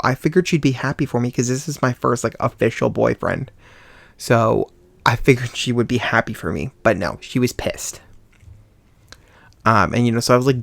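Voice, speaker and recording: A young man hosting a podcast, telling a personal story in a casual, animated way and acting out what people said. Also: mid-range voice, no room sound. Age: young adult. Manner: animated, acts out quoted voices with sighs and laughs. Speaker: podcast host.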